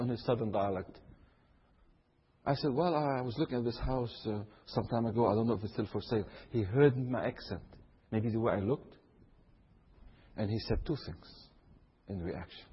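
A man from Syria preaching a sermon, swinging from low asides to loud high exclamations. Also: slightly rough. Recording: long hall reverb, dull lo-fi sound.

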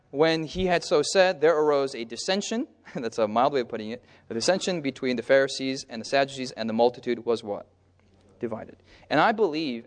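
A man preaching a sermon, pausing to have his listeners call out the missing word and acting out the crowds in brief voices. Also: mid-range voice. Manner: pauses on a word and asks the listeners "what?" so they call out the answer; lively, acts out the crowds in brief character voices. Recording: long hall reverb.

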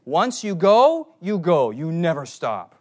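A man preaching a sermon, telling stories in an animated way and putting questions to the congregation. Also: fairly high pitch, slow. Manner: animated storytelling, asks the crowd questions.

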